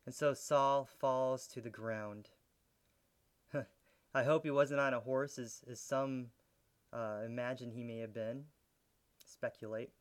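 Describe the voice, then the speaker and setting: A man's voice: medium pitch, fairly even intonation, takes it slowly, long pauses, smooth. Man preaching an earnest sermon. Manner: earnest teaching, with soft laughs and building intensity. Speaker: pastor.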